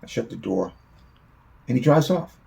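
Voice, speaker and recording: A man's voice: mid-range voice, expressive, moderate pace, vocal fry, darkish tone. A man telling a long, rambling personal story in a casual spoken way, swearing freely.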